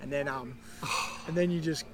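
A man tells a rambling story on a podcast in an animated, swear-heavy way. His voice sits a bit high for a man. A crowd murmurs clearly behind him. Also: measured pace. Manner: animated, swears freely, many fillers. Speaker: podcast guest. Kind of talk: casual storytelling.

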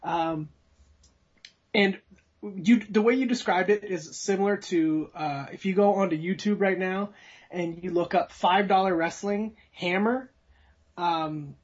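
A man's voice: high voice, measured pace, breathy edge, dull audio. A man who is a guest on a podcast, calling in over a video call and telling rambling stories with some laughs.

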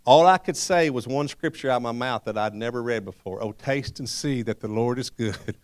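A middle-aged man preaching a sermon, telling his testimony in an animated way and laughing often. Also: mid-range voice, normal speed, few pauses. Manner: storytelling with frequent laughter, animated.

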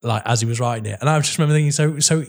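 A man's voice: mid-range voice, very fast, a little hiss or hum. Young British man, swearing and laughing. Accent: British English. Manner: laughs often, swears freely, acts out film lines. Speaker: podcast co-host. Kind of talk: casual chat.

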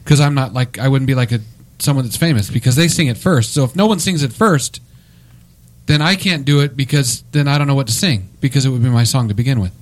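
A man's voice: mid-range voice, quick pace. A male podcast co-host in a studio, rambling through jokes and laughing at himself. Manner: rambling, laughing, playing the fool. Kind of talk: casual comedy chat.

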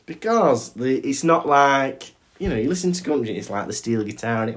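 A man's voice: mid-range voice, moderate pace. A man co-hosting a podcast, chatting casually and jokingly, mimicking sounds as he explains. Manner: animated, jokey, imitates sounds while explaining. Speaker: podcast co-host. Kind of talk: casual chat.

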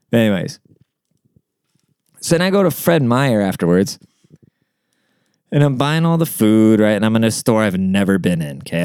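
A man's voice: on the low side, darkish tone, clean tone, no room sound, studio quality. A young man telling a story in a casual rant, cursing often and acting out what everyone said, exasperated. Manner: profane, exasperated storytelling, acts out quotes.

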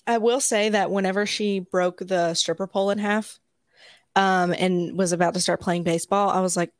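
A woman co-hosting a podcast, giggly and animated as she reacts to a film. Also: mid-range voice, normal speed, no echo, studio quality. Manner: giggly, reads her notes aloud with animated reactions. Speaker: podcast co-host. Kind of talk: casual chat about a film.

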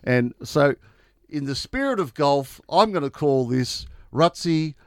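A man's voice: a little high, animated, a little slow, no echo, clean studio sound. A man co-hosting a radio show, chatting casually, laughing often and stumbling into his stories. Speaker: radio co-host.

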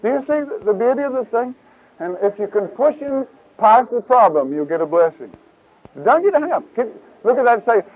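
Man preacher, high voice, animated and folksy; tinny lo-fi tape sound. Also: brisk. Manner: lively, casual, acts out scripture voices. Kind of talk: Bible teaching talk.

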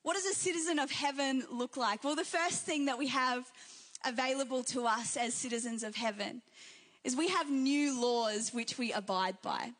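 A young woman with an Australian accent delivers an emphatic sermon. Her voice sits high, and she repeats her main phrases to drive them home. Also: normal speed, fairly bright tone. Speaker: pastor.

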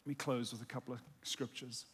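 A man preaching a sermon in a heartfelt way, moving between hushed passages and emphatic ones. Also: mid-range voice, little pitch movement, brisk, slightly rough, in a large hall. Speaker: pastor.

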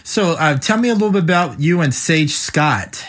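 A man with a bright, slightly high voice interviews a guest for a podcast. He hesitates often and fills his questions with "um" and "uh". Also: lively intonation, normal speed. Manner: hesitant, full of "um" and "uh".

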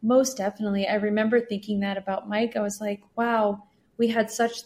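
A woman guest on a podcast, telling personal stories in an earnest, sometimes animated way. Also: mid-range voice, fairly quick. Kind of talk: casual podcast conversation.

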